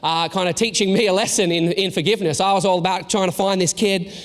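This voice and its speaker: A man in his thirties, a pastor, giving a sermon in a casual storytelling way with halting restarts and self-deprecating asides. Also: high-pitched, steady tone. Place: church hall. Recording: long reverb in a large room.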